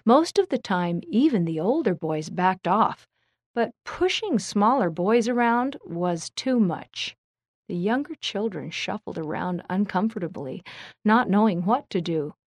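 A woman reading a children's story aloud with clear, measured narration. Her voice sits in an ordinary middle range, recorded close and dry with no room echo. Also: mid-range voice, lively intonation.

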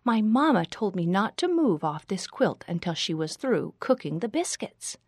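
A woman voicing a sensible young pioneer girl who talks in a calm, soothing, motherly way. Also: mid-range voice, moderate pace, no echo, clean studio sound.

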